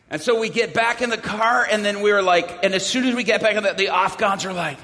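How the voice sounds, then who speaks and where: Man, dramatic storytelling, slightly high voice, long hall reverb. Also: a little fast, few pauses. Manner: acts out the dialogue he quotes, with sudden shouts. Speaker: speaker telling his own story to an audience.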